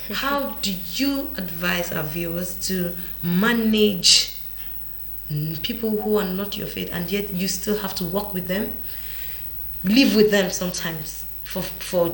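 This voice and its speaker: A woman hosting a faith-based panel discussion, asking questions in a measured way. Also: fairly low pitch. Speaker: talk show host. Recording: echoey room.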